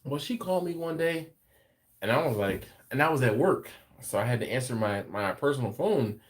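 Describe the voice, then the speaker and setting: An American man with a medium-pitched, animated voice hosts a live barbecue stream, chatting casually and reading viewer comments. His storytelling is slow and laid-back, with frequent fillers and restarts.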